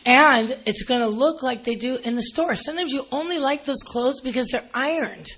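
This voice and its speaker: A middle-aged woman preaching a sermon, telling animated stories and acting out gushing shoppers. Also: sits high, moderate pace, husky.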